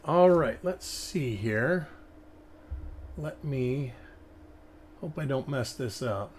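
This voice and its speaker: A man's voice: medium pitch, expressive, takes it slowly, slight background noise. A male host giving casual live-stream commentary, thinking aloud and rambling as he examines coins. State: hiccups.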